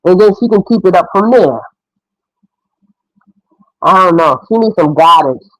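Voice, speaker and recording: A woman's voice: on the low side, lively intonation, unhurried, no echo, rough recording. A middle-aged woman giving frank, opinionated casual commentary as a mother.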